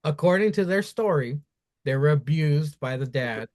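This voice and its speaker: A man hosting a podcast, recounting a story in a matter-of-fact, low-key way during casual chat. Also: lively intonation, moderate pace, darkish tone, no echo, clean studio sound. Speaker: podcast host.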